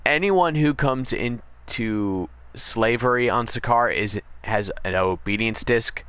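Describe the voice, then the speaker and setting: Bright-voiced male streamer rambling a recap. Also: medium pitch, clear, resonant tone, no room sound. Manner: rambling, self-correcting recap with quick bursts. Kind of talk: casual storytelling while gaming.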